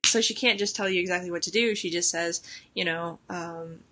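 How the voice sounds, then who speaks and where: A woman's voice: lowish voice, normal speed, sharp tone. A young woman chatting casually about a book she is reading, with lots of "like" and little laughs. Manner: chatty, full of "like" and restarts, laughing often. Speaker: book vlogger.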